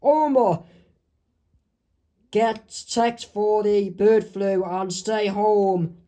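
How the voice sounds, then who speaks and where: A man voicing a stern male boss in a fan comic reading, slow and firm. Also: high-pitched, fairly even intonation, dark tone.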